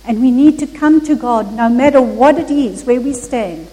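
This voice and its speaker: A woman preaching a Christmas sermon, telling a story in an earnest, measured way with occasional slips. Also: a little high, warm tone, in a large hall, rough recording.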